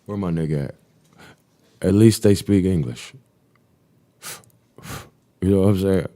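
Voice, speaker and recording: A man with a low, mellow voice hosts a live stream and reads a diary aloud. He keeps breaking off for profane, sarcastic commentary. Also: unhurried.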